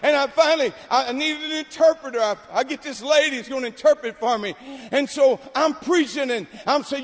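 High-voiced preacher man in a reverberant hall. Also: brisk. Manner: storytelling preacher, rising to shouted exhortation. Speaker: pastor. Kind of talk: sermon. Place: large hall at a camp meeting.

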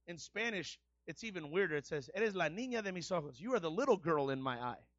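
A man pastor preaching a sermon in a colloquial style, rising to loud shouted refrains. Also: on the high side, animated, fairly quick, dry recording, highs cut off.

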